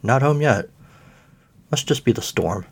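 Man reading tired glum adult, dry, exasperated, husky. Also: medium pitch, lively intonation, a little slow. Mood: weary. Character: weary adult slouching at home, glum.

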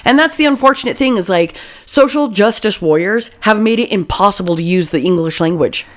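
A woman co-hosting a podcast in casual chat, profane and animated, acting out quoted people. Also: mid-range voice, a little fast. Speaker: podcast co-host.

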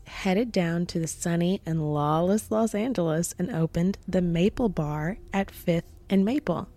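A woman with a lowish, mellow voice narrates a true-crime tale from a script. She slips in wry personal asides along the way, and faint music plays under her. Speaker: podcast host.

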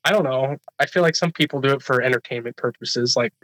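A man's voice: medium pitch, fast, a bit bright, no echo, low-quality recording. A man in casual chat, earnest and agreeable, often restarting his sentences. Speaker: paranormal investigator.

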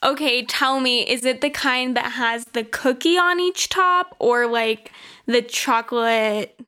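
Woman podcast co-host, slow unhurried talk, higher voice, playful and giggly. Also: bright, forceful tone. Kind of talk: casual podcast chat.

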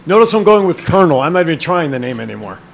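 A man hosting a call-in talk show, joking with his guests and reading out phone numbers slowly. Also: on the high side, very animated, gravelly, slight background noise. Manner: jokey, brisk, reads numbers out slowly. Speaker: host.

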